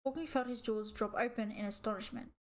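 Woman audiobook reader, fairly high voice, steady storytelling narration. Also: brisk.

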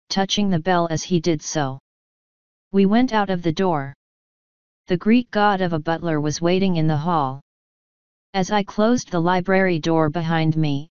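Low, crisp-voiced woman narrating. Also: dry recording. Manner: steady, measured reading. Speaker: audiobook narrator. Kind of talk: scripted narration. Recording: dull dry recording.

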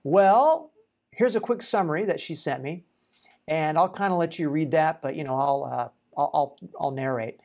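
A chiropractor's fairly high, gravelly, slightly mellow male voice carries an informal educational talk to camera. He discusses a patient's case conversationally, asking rhetorical questions and lingering on fillers.

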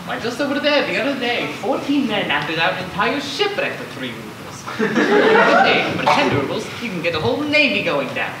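A young man, at normal speed with huge pitch swings, acts out a schemer staging drownings for profit. His haggling is theatrical with shouts for help, recorded from afar on an echoey school stage with hiss.

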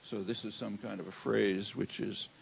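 An older man giving an academic lecture in a lecture hall, measured and halting, with many "uh" fillers. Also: fairly low pitch, flat delivery, creaky, husky. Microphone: handheld or lectern mic.

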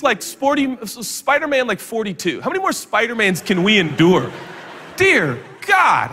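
A man preaching a sermon in a large church auditorium, with a high, bright voice that swings up and down constantly. He tells stories full of jokes and quick asides, and his words ring out with the long reverb of a big hall. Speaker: guest pastor.

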